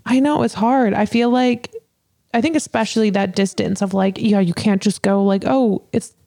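A woman co-hosts a podcast in easy, casual talk, supportive and quick to swear. Her voice is mellow and dark-toned with a creaky fry. She sounds like a close friend talking plainly. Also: medium pitch, steady tone. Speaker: podcast co-host. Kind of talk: casual chat.

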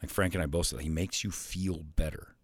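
A radio host in casual podcast chat, telling rambling stories with many restarts. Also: male voice, deep voice, fairly even intonation, a little fast, dry recording. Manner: rambling storyteller, lots of restarts and impressions.

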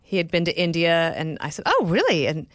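A woman's voice: fairly low pitch, huge pitch swings, a little fast, dry recording, clean studio sound. A woman hosting an interview podcast, chatting in a friendly way and telling stories and jokes. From rural area. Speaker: podcast host. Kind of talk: casual interview chat.

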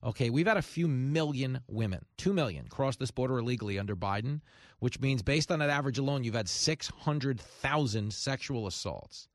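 Sarcastic, lively male talk radio host. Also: mid-range voice, normal speed, dry recording, clean studio sound. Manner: sarcastic, riffing with acted-out quotes. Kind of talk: opinionated talk radio monologue. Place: radio studio.

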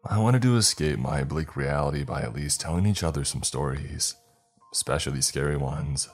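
A man narrating a first-person scary campfire story in a steady, scripted storytelling manner. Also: rumbling low, moderate pace. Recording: faint music under the voice.

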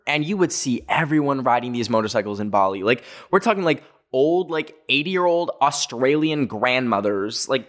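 A young man from North America hosts a podcast, telling a story in a mid-pitched voice. He talks with lots of "like" and breaks off for jokey asides to the listener. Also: a bit bright. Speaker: podcast host.

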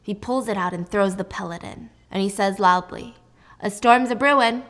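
A young woman recapping a story in a casual, jokey and animated way. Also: mid-range voice, moderate pace. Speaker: book recap host.

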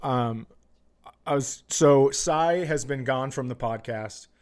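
A man's voice: medium pitch, slow pace, a little mellow. A man hosting a podcast, chatting casually and telling a profane story while acting out quotes. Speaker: podcast host.

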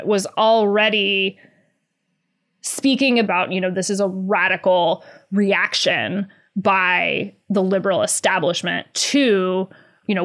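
A woman journalist in her thirties being interviewed, talking in a lively way with many fillers and sarcastic laughs. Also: mid-range voice, vocal fry. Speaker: journalist guest. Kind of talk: conversational interview.

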